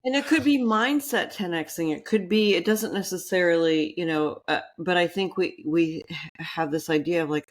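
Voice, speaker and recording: A woman business coach chatting casually on a podcast, rambling with quick restarts and asides. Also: low voice, lively intonation.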